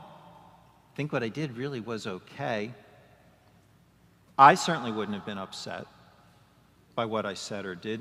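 A male pastor preaching from the pulpit, mid-pitched and measured. He poses rhetorical questions and briefly acts out the excuses he quotes. His voice rings with a long reverb that trails through the sanctuary. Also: a bit bright. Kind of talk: sermon.

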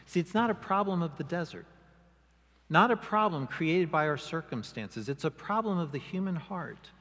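A male pastor preaching a sermon, expressive, often acting out quoted voices with rising emphasis. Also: fairly high pitch, normal speed. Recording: long hall reverb.

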